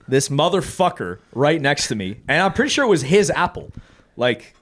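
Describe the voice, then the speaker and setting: A man telling a story on a podcast in a casual, profane, animated way, often laughing as he talks. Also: fairly high pitch, normal speed. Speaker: podcast co-host.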